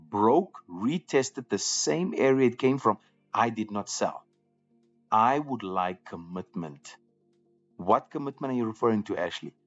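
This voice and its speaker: A man hosting a live trading room, talking casually to viewers and often repeating words as he goes. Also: on the low side. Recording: slightly dull lo-fi audio with faint music.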